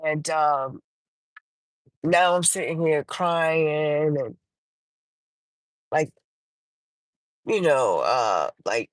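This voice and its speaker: Speaking with lively intonation on a low-quality recording without room sound, a woman tells her personal testimony during a livestream. Her delivery stops and restarts, full of fillers, and she shifts to a higher voice whenever she quotes herself.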